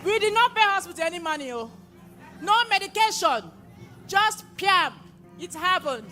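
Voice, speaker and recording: High-pitched young woman, emotional church testimony, bursts of excitement, music underneath. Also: normal speed. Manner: emotional, often rising to excited exclamations. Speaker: testifier at a prayer conference. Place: live church gathering. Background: music playing.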